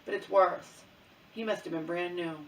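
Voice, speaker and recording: Her voice low and her tone steady, a middle-aged woman vlogger relates an angry personal story at a moderate pace, swearing plenty. She keeps asking "okay?" and "you know?". The sound is distant and echoey, with slight background noise.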